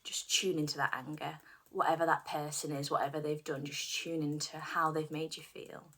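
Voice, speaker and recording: A middle-aged woman leading a guided tapping session, speaking slow repeat-after-me phrases and dropping some of them to a whisper. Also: deep voice, flat delivery, fairly bright tone. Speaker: tapping practitioner.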